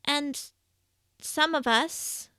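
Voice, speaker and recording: Regal cat goddess elder, slow and tender; a woman acts her, close dry sound. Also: high-pitched, bright, forceful tone, no echo, exaggerated voice. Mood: solemn.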